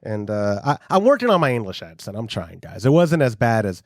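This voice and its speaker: A man's voice: on the low side, big pitch swings, fairly quick, darkish tone, no echo, clean studio sound. A man, co-hosting a homebrewing podcast in casual, rambling, self-mocking chat. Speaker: podcast co-host.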